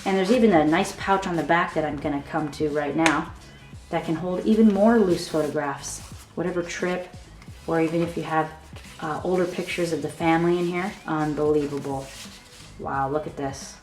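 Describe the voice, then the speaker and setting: Lowish-voiced woman gushing over her scrapbook album, roomy echo, soft music under her. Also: normal speed. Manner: excited, gushing, keeps saying okay. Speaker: craft tutorial host. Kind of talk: enthusiastic product walkthrough. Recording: echoey room with soft background music.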